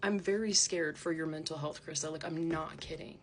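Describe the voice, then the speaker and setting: A woman's voice: low-pitched, steady tone, fairly quick, slight background noise. A woman vlogger ranting to camera, indignant and defensive, her talk full of "like" fillers.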